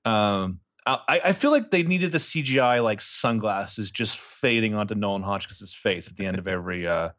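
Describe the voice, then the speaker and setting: A man co-hosting a podcast from home, recapping scenes in an animated, jokey way and swearing freely. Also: fairly low pitch, moderate pace, hardly any pauses, highs cut off. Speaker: podcast co-host. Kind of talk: casual chat, recapping scenes. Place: home, with a cat near the mic.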